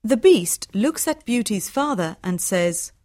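A woman narrates a storybook in a clear, measured way. Her pace is slow and her pitch sits in the middle. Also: animated, a little mellow, dry recording, clean studio sound.

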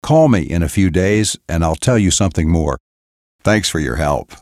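A man's voice: sits low, animated, moderate pace, a little mellow, no room sound, clean studio sound, voice pushed down. A male narrator voicing an authoritative middle-aged police sergeant in an audiobook, speaking firmly and with command. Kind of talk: audiobook character voice.

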